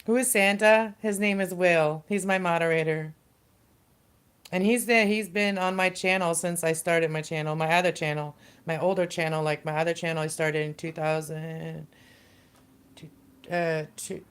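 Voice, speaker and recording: A middle-aged woman hosting a livestream chats loosely in a slightly low, smooth, clear voice with a steady tone. She rambles from thought to thought, halting often, filling gaps and restarting her sentences.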